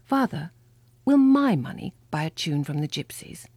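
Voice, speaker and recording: A woman voicing an eager, excited young boy in a read-aloud storybook. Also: low voice, moderate pace, slightly rough, dry recording, exaggerated voice. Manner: eager, bright and pleading.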